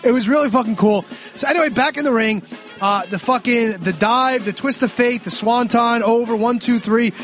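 A man co-hosting a casual podcast, recapping wrestling in an animated way and swearing constantly. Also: extremely high pitch, moderate pace, faint music behind. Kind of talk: casual profane podcast chat.

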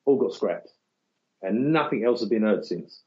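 A man's voice: lowish voice, animated, moderate pace, a little mellow. A man with an English accent co-hosting a casual podcast in a laid-back, sardonic way. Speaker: podcast co-host. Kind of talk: casual chat. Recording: dull lo-fi audio.

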